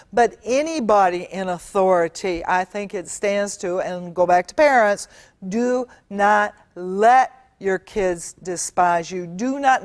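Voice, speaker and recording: A woman's voice: mid-range voice, no echo. A middle-aged woman giving an earnest, emphatic Bible teaching in a studio, stretching out key words and using fillers. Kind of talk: teaching sermon.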